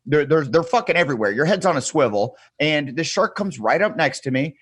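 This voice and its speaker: Lively, profane storytelling man. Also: fairly high pitch, fairly quick, slightly rough, no room sound. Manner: animated, profane, acts out quoted people. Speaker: podcast guest. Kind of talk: casual storytelling.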